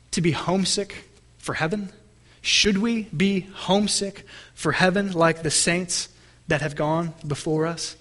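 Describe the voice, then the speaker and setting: A man preaching a sermon, reading scripture aloud and asking the congregation questions, shifting between slow, stressed phrases and quick asides. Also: a little high. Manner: asks the congregation questions, varies pace and loudness. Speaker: pastor.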